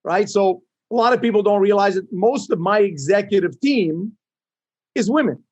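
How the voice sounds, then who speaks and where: A man's voice: sits high, normal speed, muffled recording. A middle-aged man from Canada, an entrepreneur guest in an interview, talking emphatically and often seeking agreement. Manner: emphatic, animated, seeks agreement with "right?". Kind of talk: interview conversation.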